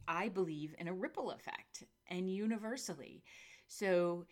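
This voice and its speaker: A woman hosting a podcast, telling a reflective everyday story in a rambling, easygoing way, with small laughs. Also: lowish voice. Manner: rambling and reflective, with frequent filler and light laughs. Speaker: podcast host. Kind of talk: casual reflective monologue.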